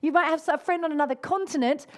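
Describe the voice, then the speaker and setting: A woman with a fairly high voice hosting a live stream from home. She talks to her viewers in an effusive, encouraging way, calls them darling, and breaks into gasps and cheers. The sound is a plain webcam-style mic. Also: fast. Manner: affectionate, calls people darling. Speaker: host of a live lunchtime online session.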